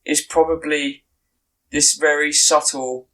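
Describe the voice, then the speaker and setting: A man's voice: medium pitch, fairly even intonation, measured pace, a bit bright, low-quality recording. A man co-hosting a podcast in casual chat, making long, opinionated points. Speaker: podcast co-host.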